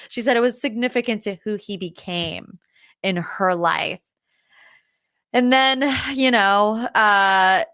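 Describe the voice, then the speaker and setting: A young woman talks casually and with strong opinions, slipping into animated voices when she quotes people. Her voice is mid-pitched and sits close and dry on the mic, with no room sound. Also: clean tone, no room sound. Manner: chatty and opinionated, animated quoting. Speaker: podcast host. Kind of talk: casual reality TV recap.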